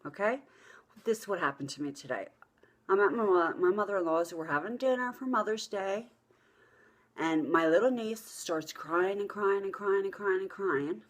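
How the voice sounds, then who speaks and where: Husky-voiced woman telling blunt stories. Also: medium pitch, normal speed. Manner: blunt, profane, animated storyteller. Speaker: vlogger. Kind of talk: casual storytelling to camera.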